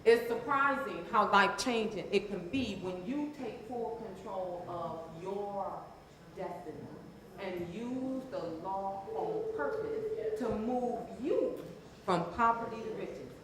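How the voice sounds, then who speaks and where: Slow, emphatic coach woman in echoey hall. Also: mid-range voice, background noise. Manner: emphatic, call-and-response with audience. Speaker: transformational coach. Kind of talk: motivational talk to a live audience. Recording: very echoey room.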